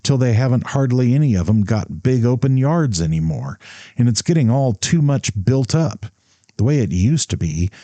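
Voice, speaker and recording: A man's voice: mid-range voice, warm tone, no room sound, pitched above the performer's own voice, close to an everyday voice. A man voicing a proud, blunt young man who lectures haughtily in an audiobook.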